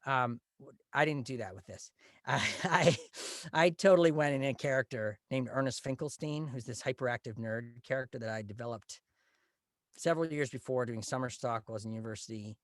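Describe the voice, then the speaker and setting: A man telling stories in a casual, animated way, with quick bursts of speech. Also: mid-range voice, no room sound, clean studio sound. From Canada. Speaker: guest, Broadway actor.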